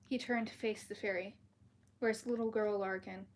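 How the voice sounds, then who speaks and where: A woman's voice: mid-range voice, steady tone, measured pace. A woman reading a fantasy novel aloud at home on a livestream, in a casual, chatty way. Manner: casual, chatty, restarts words and apologizes. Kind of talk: live-streamed book reading with chat asides. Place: at home, dogs outside the door.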